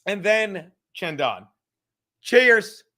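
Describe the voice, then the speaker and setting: A man in his fifties hosts a casual livestream from home, speaking extremely slowly in a high, sing-song voice that is bright and forceful. He rambles, swears, drinks while talking, laughs often, and sometimes drops to a whisper.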